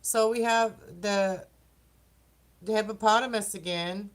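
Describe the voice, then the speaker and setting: In a steady, mid-range voice and at a slightly slow pace, a woman reads oracle cards for the zodiac signs in a loose, chatty way. She often laughs, rambles, and trips over her words as she goes.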